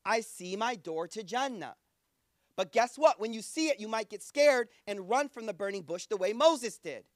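A man's voice: high voice, lively intonation, normal speed, no room sound, studio quality. A man preaching in a casual, conversational way, acting out quoted voices. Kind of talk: sermon.

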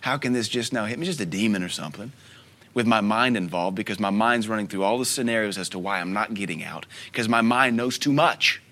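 A man in his thirties preaching a sermon as a pastor, telling stories with soft asides and sudden loud bursts. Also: on the low side, a little fast. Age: 30s.

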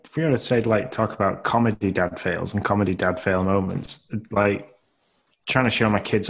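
A man's voice: lowish voice, fairly even intonation, moderate pace, gravelly. A man in his thirties, co-hosting a podcast and telling a rambling, self-deprecating story full of fillers. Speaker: podcast co-host. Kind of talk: casual chat, storytelling.

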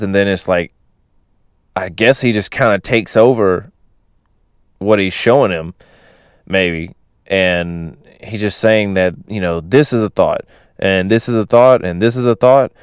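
A man's voice: low-pitched, smooth, no echo, studio quality. A man casually retelling a film plot, rambling with many fillers and chuckling asides.

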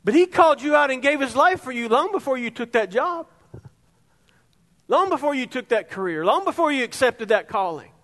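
A middle-aged male pastor with a very high voice delivers a sermon, leaning on repeated phrases for emphasis. His voice carries a long reverb from the hall around him. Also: very animated, a little fast, a bit bright. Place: church sanctuary.

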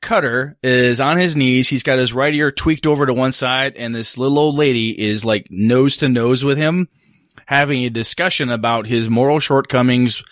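A man narrating as game master of a tabletop game, acting out scenes in an animated way. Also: mid-range voice, moderate pace, no echo, clean studio sound.

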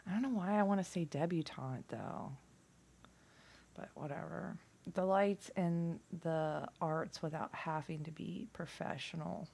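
A woman talking casually and at length, profane and rambling, dropping from loud bursts to near-whispers. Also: on the low side, measured pace, gravelly, husky. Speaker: vlogger.

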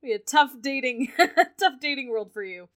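A woman's voice: sits high, animated, normal speed, a bit bright, smooth. A young woman hosting a podcast, chatting casually and retelling a history story, laughing often. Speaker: podcast host.

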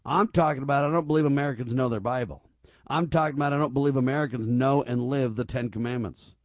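Speaking fast in a mid-range voice, a man hosts a conservative talk radio program, stressing his points and stacking rhetorical questions. There's no echo on the recording.

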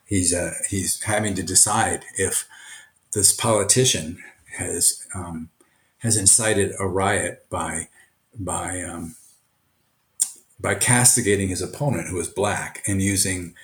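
An older man from Brooklyn, a retired teacher and author, answering interview questions earnestly, often halting and restarting. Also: sits low, fairly bright tone. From Brooklyn, USA. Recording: echoey room.

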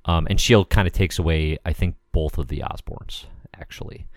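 A man's voice: very deep voice, moderate pace, dry recording, studio quality. A man co-hosting a casual podcast, recapping comic plots in a rambling, hesitant way with many fillers. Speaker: podcast co-host. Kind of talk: casual comic-book discussion.

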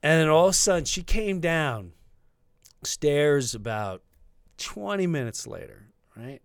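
Brief: middle-aged male comedian, lively storyteller, slightly high voice, dry close mic. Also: a little slow, clear, resonant tone, no echo. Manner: animated, breaks into loud mock quotes of others. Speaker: comedian guest. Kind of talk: storytelling in casual interview.

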